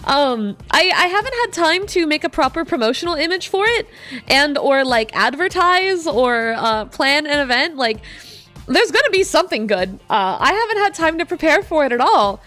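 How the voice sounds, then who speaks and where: High-voiced bubbly woman streamer. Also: sing-song, normal speed, a bit bright, faint music behind. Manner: bubbly, chatty, reads chat aloud and laughs often. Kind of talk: casual live-stream chat while gaming.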